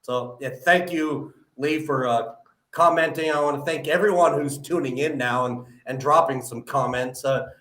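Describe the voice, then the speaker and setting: A man's voice: medium pitch, normal speed, fairly bright tone. A man hosting a live-stream podcast, chatting upbeat with lots of "uh" fillers. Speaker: podcast host. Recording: roomy echoey audio.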